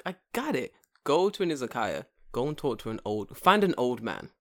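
This young male podcast host has a medium-pitched, slightly bright voice and talks a little fast with lots of animation. His casual chat is loose banter full of swearing and jokes, and he laughs often.

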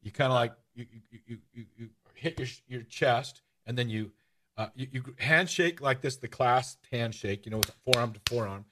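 A man hosting a casual podcast chat. He tells stories with eager energy, circling back and restarting his sentences. His voice sits at an everyday mid pitch. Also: moderate pace, bright, forceful tone. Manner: enthusiastic storytelling, rambling with restarts. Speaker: host.

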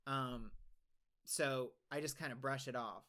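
A man's voice: medium pitch, fairly even intonation, measured pace, bright, forceful tone. Rambling, profane young man telling a story. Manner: rambling, profane, many restarts. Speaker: podcast co-host. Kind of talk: casual storytelling chat.

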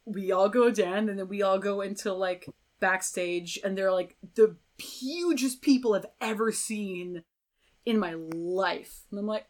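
Animated young woman telling a story. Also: medium pitch, measured pace. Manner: animated, acts out other people's voices. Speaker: podcast guest, violinist. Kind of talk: casual storytelling in an interview.

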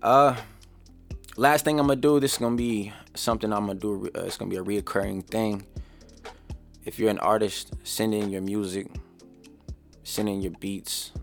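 A man's voice: lowish voice, little pitch movement, moderate pace, creaky, faint music behind. A young adult man hosting his own podcast, telling a story in a casual, profane, slang-heavy ramble. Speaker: podcast host. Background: faint background beat.

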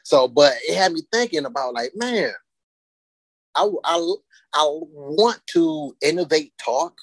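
A woman co-hosting a casual podcast, telling stories loosely with frequent laughter and drawn-out emphasis on key words. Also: low-pitched, very animated, no echo. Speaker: podcast co-host.

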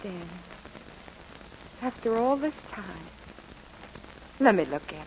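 A torn young dancer. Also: female voice, a little high, lively intonation, measured pace, darkish tone, slight background noise. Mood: tender. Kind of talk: 1940s radio acting. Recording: muffled old radio recording.

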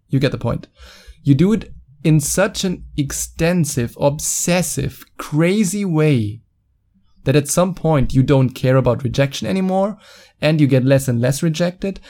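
A man's voice: mid-range voice, dark tone. Blunt German-accented man podcasting. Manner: blunt, swears, mocking. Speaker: podcast host. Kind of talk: solo podcast monologue. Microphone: studio microphone.

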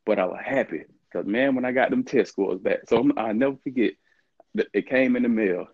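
A man's voice: mid-range voice, a little fast, husky, no echo, dull audio. A middle-aged man, telling stories as an interview guest, acting out quoted dialogue and laughing often. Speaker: interview guest, former college football player. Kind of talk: casual storytelling.

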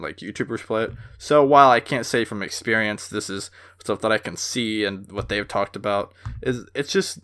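A young man hosting a solo podcast, ranting in a heated, animated way with lots of fillers. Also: mid-range voice. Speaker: podcast host.

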